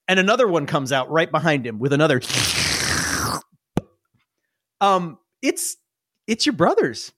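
A man's voice: fairly high pitch, no room sound, studio quality. A man narrating a tabletop game as game master, rambling and amused. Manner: rambling, amused, with many restarts.

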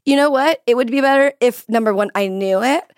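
Playful young woman host, higher voice. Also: a little fast, clean tone. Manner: playful, teasing questions. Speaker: podcast host. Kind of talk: casual chat.

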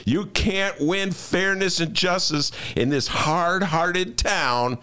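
A man's voice: high voice, takes it slowly, few pauses, smooth. An older man hosting a casual talk show, ranting animatedly and poking fun at himself. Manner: animated, ranting and self-mocking. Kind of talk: casual radio-style chat.

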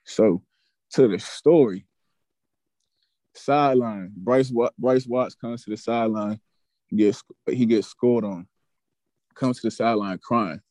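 A young man tells his story in a loose, streetwise way. He swears freely and keeps it lively. His voice sits at a middling pitch, and the recording is close and dry. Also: takes it slowly, pauses often, no room sound. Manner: animated, profane, streetwise storytelling. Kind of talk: casual storytelling.

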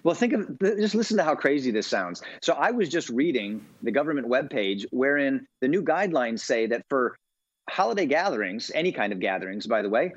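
A man's voice: mid-range voice, very animated, brisk, no echo. A middle-aged man being interviewed as a guest, telling stories animatedly with lots of uhs and ums. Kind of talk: casual interview talk. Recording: dull, dry lo-fi audio.

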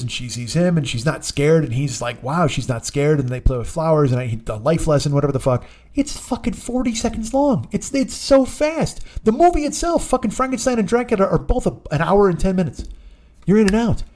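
A man hosting a comedy podcast, telling a profane, excitable monologue and breaking into voices. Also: fairly high pitch. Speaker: podcast host.

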